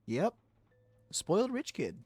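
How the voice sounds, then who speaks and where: A man's voice: high voice, wildly swooping pitch, takes it slowly, a little mellow, breathy edge. A man playing a game and commenting on it, sarcastic and joking back at the story. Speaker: game player. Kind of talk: let's-play commentary.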